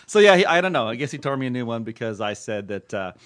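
A man's voice: medium pitch, sharp tone. A man hosting a casual comedic podcast, teasing his guests and laughing often. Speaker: podcast host.

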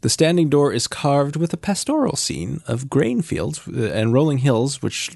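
A man narrating as game master, describing scenes with frequent pauses and fillers. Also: medium pitch, big pitch swings, vocal fry, a little mellow, no room sound, clean studio sound.

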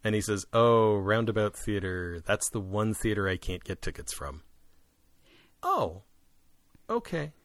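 A man co-hosting a podcast, chatting casually and with animation about musicals, with quick jumps up in pitch for asides. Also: very animated, no room sound, clean studio sound. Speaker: podcast co-host.

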